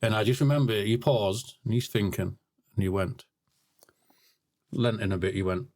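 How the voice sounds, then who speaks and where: A man's voice: on the low side, moderate pace, long pauses, a little mellow, no room sound. A blunt man telling stories as a podcast guest. He often repeats words as he starts a sentence. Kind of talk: casual storytelling.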